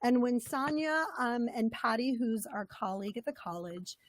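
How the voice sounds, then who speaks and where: A woman's voice: on the high side, animated, normal speed. A woman leading a live webinar as a coach, upbeat and conversational, her voice a little scratchy and froggy. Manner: upbeat, conversational, repeats key points.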